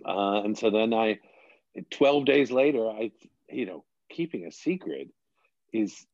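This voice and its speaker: A man's voice: fairly low pitch, animated, a little slow, darkish tone, no echo, lo-fi sound. A man in his fifties from Washington, D.C., a bishop telling his story in a chatty, self-deprecating way in an interview.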